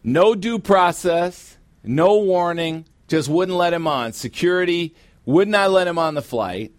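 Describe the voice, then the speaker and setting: A middle-aged man preaching a sermon as pastor, with emphatic, drawn-out stresses. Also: high-pitched, lively intonation, no echo. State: sweating, warm from preaching. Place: church sanctuary.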